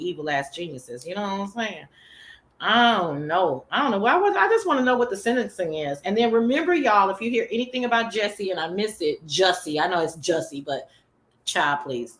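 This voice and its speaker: A woman's voice: medium pitch, a little fast, roomy sound. A woman hosting a casual livestream chat show, sassy and profane, talking straight to her viewers. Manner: sassy, profane, animated, chatty. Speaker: talk show host.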